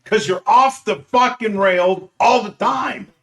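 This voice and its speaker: A middle-aged man co-hosting a podcast in casual chat, blunt and loud, swearing constantly. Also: high-pitched, slow pace, vocal fry. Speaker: podcast co-host.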